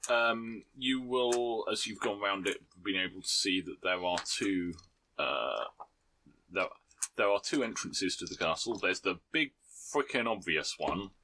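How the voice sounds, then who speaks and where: Bright-voiced game master. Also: male voice, deep voice, animated, a little slow. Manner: laughing, rambling narration with restarts. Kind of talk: narrating a tabletop game. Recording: faint background noise.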